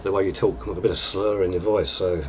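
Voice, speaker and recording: A deep-voiced man, chatting casually through a makeup tutorial with plenty of fillers. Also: fairly even intonation, fast, a little hiss or hum. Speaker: lookalike performer giving a tutorial.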